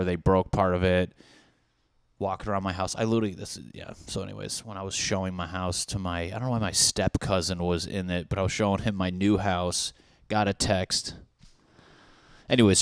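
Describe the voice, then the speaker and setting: A young man with a deep, smooth voice delivers a solo podcast rant on his own show, rambling and riffing with lots of swearing and acted-out dialogue. The studio recording has no room sound.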